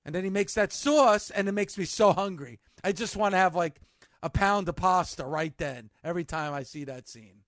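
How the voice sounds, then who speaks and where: A man hosting a wrestling podcast, talking in an excitable, animated, jokey way. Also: sits high, normal speed, no room sound, studio quality. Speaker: podcast host. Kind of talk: casual chat.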